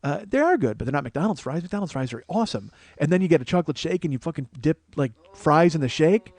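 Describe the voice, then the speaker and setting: A man hosting a podcast, telling a comic story full of swearing, growing louder and more animated as it goes. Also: on the high side, fast talker, no echo. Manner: profane, animated, rising to shouting as the story builds. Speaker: podcast host.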